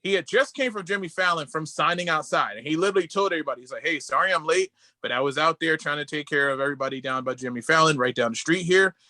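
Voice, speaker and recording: A man co-hosting a casual podcast over a video call, telling excited stories and quoting people in a lowered voice. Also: quick pace, hardly any pauses, no echo. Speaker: podcast co-host.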